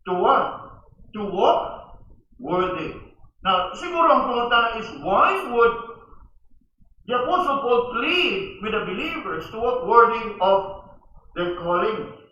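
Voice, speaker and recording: A man's voice: high voice, sing-song, measured pace, pauses often, pushed and bright. A man preaching a sermon as pastor, emphatic and repeating key words, mixing in Cebuano phrases. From Philippines. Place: church hall. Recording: echoey church hall, distant mic, dull sound.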